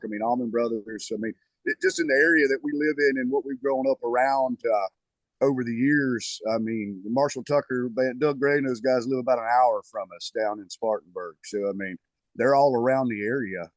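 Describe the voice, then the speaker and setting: A man, a bass player rambling with many fillers as a guest in a casual podcast interview. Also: moderate pace, no room sound.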